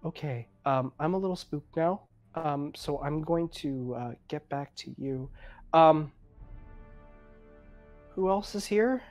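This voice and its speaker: A game master narrating a tabletop role-play game in a casual, easygoing way, often laughing and filling pauses with ums. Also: medium pitch, darkish tone, faint music behind.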